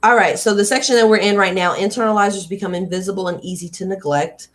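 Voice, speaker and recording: At a quick pace and with fairly even intonation, a medium-pitched woman reads a book on a live stream while chatting casually with viewers. Her manner is candid and conversational, slipping into riffs and asides to the audience.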